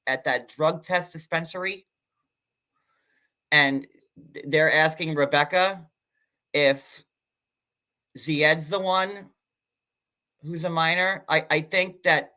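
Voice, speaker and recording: Chatty and sarcastic, a male host leads a casual livestream in a voice that's a little high, bright, and somewhat sharp. Fillers and brief asides pepper everything he says.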